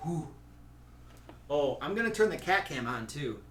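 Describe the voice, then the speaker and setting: A man from Michigan with a Michigan accent, hosting a casual live stream as a dungeon master, excitable, goofy and self-deprecating. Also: a little high, measured pace, slight background noise. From Michigan, USA. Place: home room.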